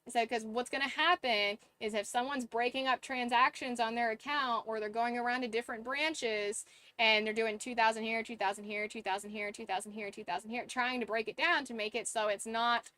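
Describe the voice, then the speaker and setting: A woman's voice: on the high side, fairly even intonation, brisk, bright, forceful tone. A young woman streamer telling a story in casual chat, laughing often and swearing now and then.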